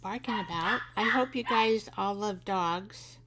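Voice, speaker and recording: A woman's voice: mid-range voice, a little slow, heavy background noise. A middle-aged woman hosting a live craft show, chatting and rambling as she works, laughing often and talking to her craft pieces. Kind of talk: live craft tutorial chat.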